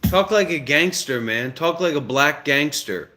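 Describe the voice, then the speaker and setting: A man's voice: on the high side, lively intonation, a little slow, bright, forceful tone, faint music behind. A man in casual banter with a voice assistant, pushy and crude, repeating his demands and coaxing. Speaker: host.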